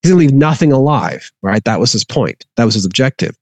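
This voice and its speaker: A man's voice: mid-range voice, very animated, fast, no room sound. Man teaching scripture, dry sound. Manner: reads aloud then explains conversationally, acting out quotes. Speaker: Bible teacher.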